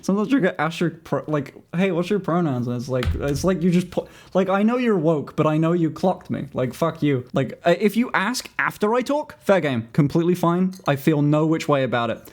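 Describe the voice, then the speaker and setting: A young man with a British accent and a fairly high voice talks casually to his stream. He is frank and self-mocking, and he often trails off and restarts his sentences. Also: lively intonation, fairly quick, hardly any pauses. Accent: British English. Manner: candid, self-deprecating, rambling with restarts. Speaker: livestreamer. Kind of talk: casual livestream chat.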